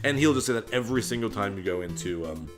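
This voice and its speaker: Rambling Canadian let's-play host. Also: male voice, lowish voice, lively intonation, quick pace. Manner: joking, rambling, self-deprecating. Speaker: gaming channel host. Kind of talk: casual let's-play commentary. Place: home room, construction outside. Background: game music.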